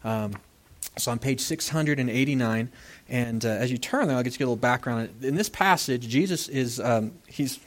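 A man's voice: mid-range voice, moderate pace. A pastor preaching a sermon in a church, talking animatedly and acting out the voices of people he quotes.

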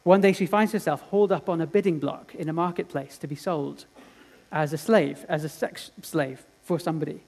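Earnest preacher with dramatic hushes. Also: male voice, fairly high pitch, brisk. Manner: earnest dramatic storytelling with swings between loud and hushed. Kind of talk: sermon.

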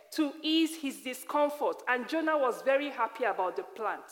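A woman from Africa giving a personal testimony sermon, emphatic and repeating phrases slowly. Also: high voice, expressive. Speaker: preacher. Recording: long hall reverb.

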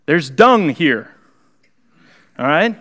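A man preaching a conversational sermon in a church, animated and acting out the people in the story. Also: on the high side, extremely slow. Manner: animated, conversational, acts out the characters. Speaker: pastor. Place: church sanctuary.

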